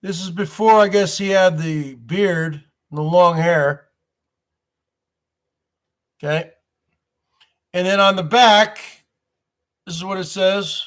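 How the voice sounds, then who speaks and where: A man's voice: sits high, slow, long pauses. A man hosting his own live stream, rambling to viewers as "folks" with repeated rhetorical questions. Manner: addresses audience as folks. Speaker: livestream host.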